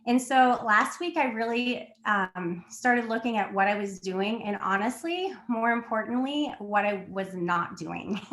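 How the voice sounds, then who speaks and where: A chatty woman in her thirties gives a candid pep talk to her team over a video call, her voice set a little high. She is sick and slightly out of breath, laughs often, and fills pauses with ums, in an echoey room. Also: a bit bright. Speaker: team leader on a sales call. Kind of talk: casual motivational talk.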